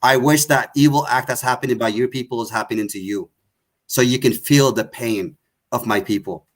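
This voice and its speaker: A man's voice: medium pitch, moderate pace. A man speaks with raw, impassioned force on his online show. He repeats his points and accuses his listeners directly. His voice sits in an ordinary middle range. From Tigray. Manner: emotional, accusatory, repetitive. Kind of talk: impassioned political talk.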